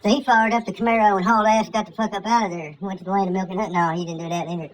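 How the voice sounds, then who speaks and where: A woman retells scripture as a crude, profane comic story, with slang and rambling asides. Her voice sits at an ordinary pitch for a woman, and a faint hiss of noise runs beneath it. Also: steady tone, very fast, poor audio.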